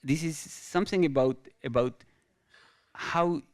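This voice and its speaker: A man from Israel with an Israeli accent, telling a story on stage as a guest author, halting and full of restarts and repeated words. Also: on the high side. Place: stage at an awards event.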